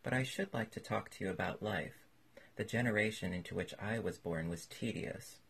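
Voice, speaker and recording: A man reading aloud and voicing a courteous, formal old gentleman with literary tastes. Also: lowish voice, normal speed, gravelly, slightly rough, heavily acted.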